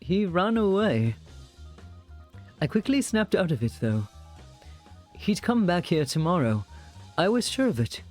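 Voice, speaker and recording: Vaguely British young man, as a man puts him on, first-person story narration, lively intonation, faint music behind. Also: high voice, a little slow, long pauses, voice pushed up. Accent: vaguely British, put on. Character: young male main character, driven searcher.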